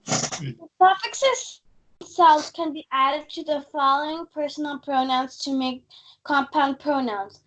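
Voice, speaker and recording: A young female student reads from her textbook in an online class. Her voice is high and her reading is slow and careful, word by word. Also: slight background noise, rough recording.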